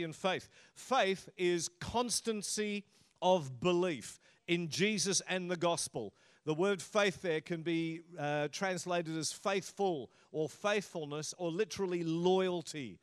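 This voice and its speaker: A middle-aged male pastor preaches a sermon in a relaxed, chatty way, slipping in light humour as he explains his points. His voice sits a little higher than most men's. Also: a little slow, clean tone. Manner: conversational and humorous preaching.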